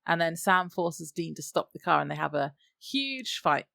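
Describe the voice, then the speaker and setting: A woman's voice: low-pitched, animated, normal speed, creaky, bright, forceful tone, no room sound. A woman co-hosting a podcast, summarizing scenes in casual chat with dry quips. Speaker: podcast co-host.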